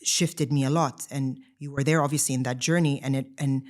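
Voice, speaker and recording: A woman in her thirties co-hosting a podcast, telling her own story in casual chat, animated and full of "like" fillers and restarts. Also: extremely low pitch, brisk. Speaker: podcast co-host.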